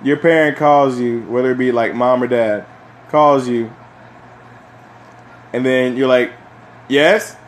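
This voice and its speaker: A young man hosting a casual solo chat, rambling and swearing, with lots of fillers and animated bursts when he rants. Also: mid-range voice, measured pace, long pauses, a little hiss or hum. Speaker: podcast host.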